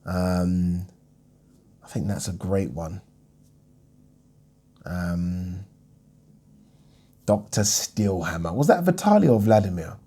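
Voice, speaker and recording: Male host, deep warm voice, frank and chatty, lots of ums. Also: lively intonation, slow pace, pauses often, breathy edge. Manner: frank, rambling, heavy on ums. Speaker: boxing YouTube host. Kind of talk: casual Q&A chat.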